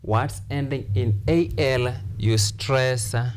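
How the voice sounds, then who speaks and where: A man's voice: mid-range voice, slow pace, a little hiss or hum. A man teaching English on a TV lesson, repeating key phrases and counting syllables aloud. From Kenya. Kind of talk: TV lesson, slow repetitive explanation. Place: TV classroom studio.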